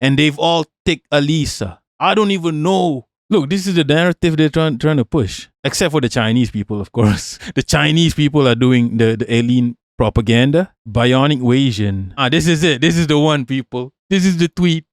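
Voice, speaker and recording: A man's voice: fairly high pitch, moderate pace, few pauses, dry recording, studio quality. A man casually reacting on a stream, mocking and profane, firing off rhetorical questions between laughs.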